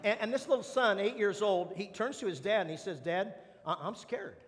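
A man's voice: high-pitched, expressive, brisk. A man, a pastor, preaching a sermon and telling a humorous, self-deprecating personal story. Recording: long hall reverb.

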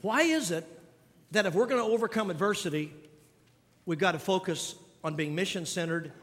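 A man's voice: high-pitched, a bit bright, long reverb tail. A man preaching a sermon as pastor, driving points home by repeating key lines and putting questions to the congregation. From grew up on a farm. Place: church sanctuary.

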